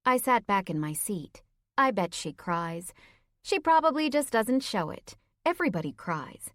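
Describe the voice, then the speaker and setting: A woman narrating an audiobook in the first person with a soft, even storytelling manner. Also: medium pitch, a little slow, no room sound, studio quality.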